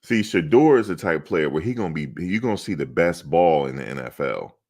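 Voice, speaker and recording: A man hosting casual sports talk, rambling and animated, often quoting others in his own voice. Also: sits low, a little fast. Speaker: sports commentary host.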